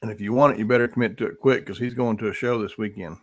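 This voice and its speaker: A man's voice: on the low side, steady tone, rapid-fire. A male host chatting casually on a live stream about items for sale.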